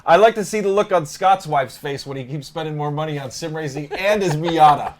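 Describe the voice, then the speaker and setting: A man co-hosting a live stream, chatting casually and teasing his co-host, quick to laugh. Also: a little high, a crowd in the background.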